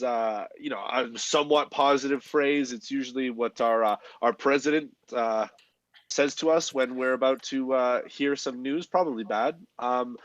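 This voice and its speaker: A man's voice: mid-range voice, no echo, dull audio, lightly acted. A man voicing a boastful, folksy adventurer and author who rambles chummily.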